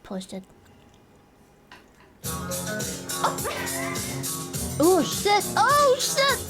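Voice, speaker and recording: A woman streaming live in a casual chat, excitable and foul-mouthed, giggling often. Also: very high-pitched, extremely slow, music in the background.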